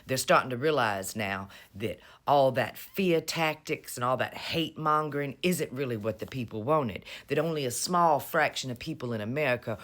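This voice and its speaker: A woman's voice: very deep voice, moderate pace, few pauses. A woman giving casual, sarcastic political commentary in a mocking, drawling manner. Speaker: vlogger.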